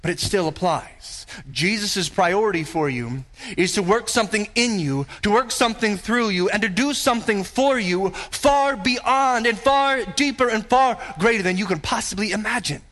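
A man with a high voice preaches from the pulpit. His delivery is earnest and emphatic, and he keeps turning to rhetorical questions. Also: lively intonation, normal speed, a bit bright. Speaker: pastor. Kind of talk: sermon.

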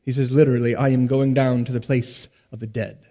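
A man preaching an expository sermon, with emphatic stresses, sudden hushed drops and rhetorical questions. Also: mid-range voice, little pitch movement. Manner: rhetorical questions and dramatic pauses. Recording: long hall reverb.

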